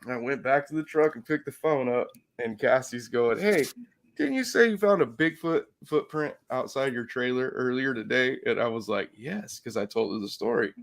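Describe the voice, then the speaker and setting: A man casually telling a story, swearing freely, laughing between phrases, and swinging from loud to soft. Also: medium pitch, moderate pace, gravelly.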